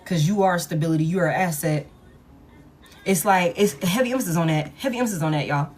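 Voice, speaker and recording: A woman's voice: fairly low pitch, quick pace, darkish tone, faint music behind. Blunt, profane woman tarot reader. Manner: blunt, profane, repetitive emphasis. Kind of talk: casual collective tarot reading.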